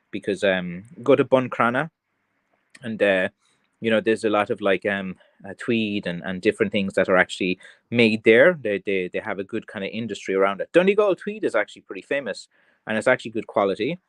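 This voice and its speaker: A man with an Irish accent and a lowish voice hosts a livestream as a craft seller, and the recording has no echo. He chats casually with viewers and reads their comments, rambling along with plenty of fillers and restarts.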